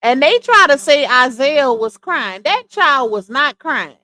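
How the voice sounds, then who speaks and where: A woman's voice: high voice, very animated, measured pace, few pauses, sharp tone, no echo. A woman hosting a live stream, chatting casually and incredulously to her viewers, with laughing asides. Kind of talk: casual commentary on a clip.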